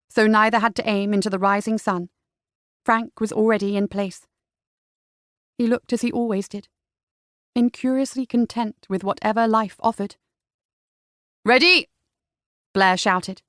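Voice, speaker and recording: A woman narrating a romance audiobook in a smooth, even storytelling manner. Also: mid-range voice, dry recording, clean studio sound. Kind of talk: scripted narration.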